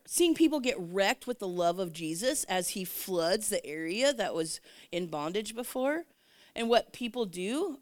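A woman, a Christian minister, telling a personal testimony in a casual, animated way, laughing often and acting out what people said. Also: mid-range voice, unhurried, no echo. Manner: animated, laughing, acts out quoted voices.

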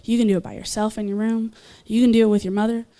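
A young woman giving a casual, enthusiastic sermon, chatting with laughs and fillers and jumping up in pitch when she voices others. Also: fast. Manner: animated, leaps in pitch when voicing others. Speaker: speaker at a church gathering.

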